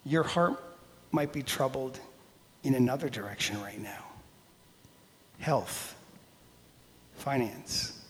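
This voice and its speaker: A man preaching a sermon, telling personal stories with animated, self-mocking humor and acted-out voices. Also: medium pitch, takes it slowly, long pauses. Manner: animated storytelling, acting out voices, laughing at himself. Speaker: pastor. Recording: long hall reverb.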